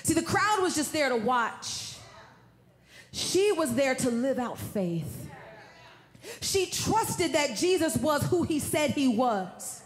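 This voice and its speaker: A woman preaching a sermon, telling a story in a folksy way that swings from hushed tones to shouts. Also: sits high, very animated, slow, reverberant.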